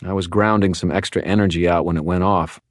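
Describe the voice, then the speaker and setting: A man's voice: deep voice, steady tone, fairly quick, dry recording, studio quality, lightly acted. A man voicing a wry, wisecracking male wizard in an audiobook. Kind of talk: audiobook character voice.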